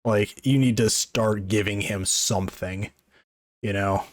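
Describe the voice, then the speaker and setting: A man's voice: lowish voice, fairly even intonation, measured pace, no room sound, clean studio sound. A man co-hosting a wrestling podcast, chatting casually with a lot of swearing and laughter. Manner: profane, laughing, rambling. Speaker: podcast co-host.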